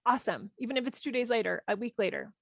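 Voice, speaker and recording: Gentle woman coaching parents, slightly gravelly. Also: on the high side, expressive, quick pace, a little hiss or hum. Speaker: parenting podcast host. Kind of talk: reflective solo podcast talk.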